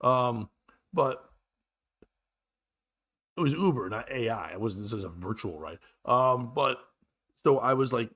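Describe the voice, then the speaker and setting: A middle-aged man rants through a comic story on his podcast. He sounds crude and exasperated, and his voice sits at an ordinary middle pitch for a man. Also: lively intonation, a little slow, pauses often, a bit bright. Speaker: podcast host. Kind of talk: solo comedic storytelling.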